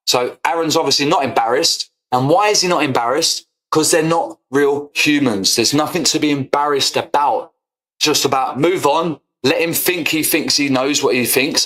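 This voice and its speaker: A man's voice: medium pitch, a bit bright, poor audio. A young man, ranting heatedly to his stream audience, swearing and repeating his points. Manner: combative, swearing, repetitive. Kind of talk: heated casual rant.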